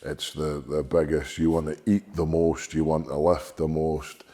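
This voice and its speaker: A man, a strongman guest, telling stories candidly in an interview, sweary and animated, often repeating words. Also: extremely low pitch, unhurried.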